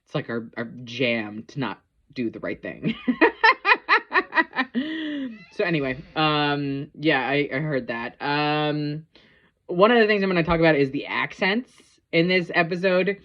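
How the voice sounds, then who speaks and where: A woman's voice: sits low, moderate pace, highs cut off. A woman casually reviewing a TV episode, rambling with lots of ums and likes. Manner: rambling, filler-heavy, chatty.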